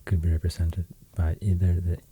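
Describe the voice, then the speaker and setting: A man with a Swedish accent giving a soft-spoken ASMR talk, half-whispering and pausing often with fillers. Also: low voice, level tone, slight background noise. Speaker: ASMR host explaining runes.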